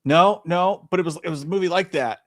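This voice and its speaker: A man's voice: high-pitched, fairly quick. A man co-hosting a live movie talk stream, swearing a lot and telling stories with energy. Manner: profane, animated storytelling. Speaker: podcast co-host. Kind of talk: casual live-stream chat.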